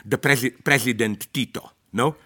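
An older man from Slovenia, giving an improvised philosophical lecture in English. He talks in an animated, digressive way, restarting sentences and adding tag questions like "no?". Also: medium pitch, normal speed, breathy edge.

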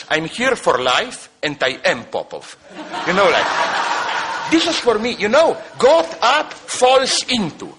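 Man, lecturer; animated, digressive delivery with constant self-corrections; husky and bright. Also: on the high side. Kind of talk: public lecture with Q&A.

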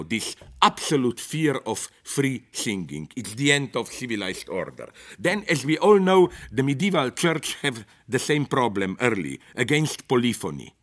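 An older man from Slovenia, giving an improvised philosophical lecture in English. He talks in an animated, digressive way, restarting sentences and adding tag questions like "no?". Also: mid-range voice.

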